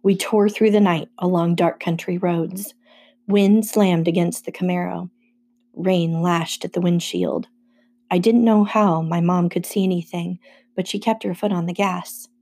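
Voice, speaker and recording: Mellow, husky woman narrating. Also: lowish voice, unhurried. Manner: steady storytelling. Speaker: audiobook narrator. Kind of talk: scripted first-person narration.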